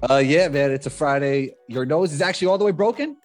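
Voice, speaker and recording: A man's voice: on the high side, fast talker, soft background music. A man hosting his own podcast, reading an upbeat promotional intro and then chatting easily with a guest. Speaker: podcast host.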